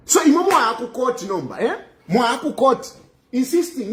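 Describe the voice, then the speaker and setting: A man's voice: very high voice, big pitch swings, normal speed, a bit bright, echoey room. A man giving emphatic, repetitive political commentary, mixing in local phrases.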